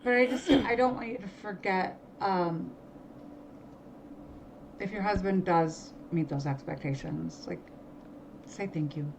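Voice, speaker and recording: A woman's voice: on the low side, gravelly, slight background noise, low-quality recording. Chatty middle-aged woman co-host. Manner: chatty, quick asides and self-corrections. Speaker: podcast co-host. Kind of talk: casual chat.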